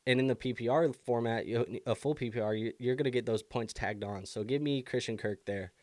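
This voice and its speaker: The hiccups interrupt a young man hosting a live fantasy football stream as he casually handles viewer questions, thinking aloud with many fillers. His voice is medium-pitched, brisk and a little mellow, with no room sound.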